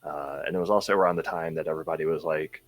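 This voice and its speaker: A man's voice: rumbling low, fairly even intonation, very fast, dry recording. A man talking as a podcast guest, plain-spoken and matter-of-fact. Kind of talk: casual podcast chat.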